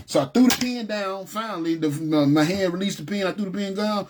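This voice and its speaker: A man telling his personal testimony in an emotional, halting way, with many restarts, choking up at times. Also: high voice. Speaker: testimony speaker.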